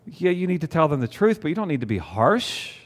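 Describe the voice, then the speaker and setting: A man's voice: on the high side, sing-song, brisk. A man preaching a sermon to a congregation, conversational, with rhetorical questions. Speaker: pastor. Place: church before a congregation.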